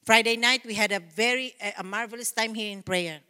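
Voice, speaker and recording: A woman's voice: fairly high pitch, a little fast, bright, forceful tone, clear, resonant tone, long reverb tail. A woman pastor preaching a fervent sermon in a church, repeating phrases and breaking into praise. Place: church sanctuary.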